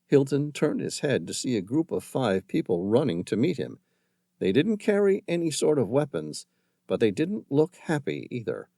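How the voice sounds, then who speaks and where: A man narrating an action thriller audiobook in a dramatic, measured storytelling manner, close to the mic. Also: fairly low pitch, a little mellow, dry recording. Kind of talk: scripted narration.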